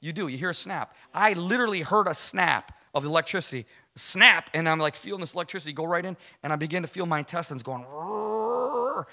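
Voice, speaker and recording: A middle-aged man with a fairly high voice talks quickly as a guest speaker giving a lively church testimony. He tells it animatedly as a story, acting out quotes and using casual slang.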